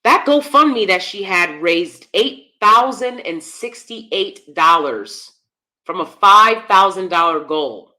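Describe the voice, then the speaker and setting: A woman's voice: medium pitch, expressive, slow, pushed and bright. A woman hosting live-stream commentary, blunt and emphatic, often repeating herself. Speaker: commentary channel host.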